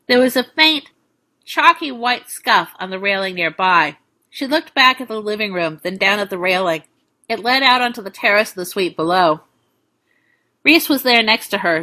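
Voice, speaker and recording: A woman reading an audiobook thriller in steady, measured scripted narration. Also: medium pitch.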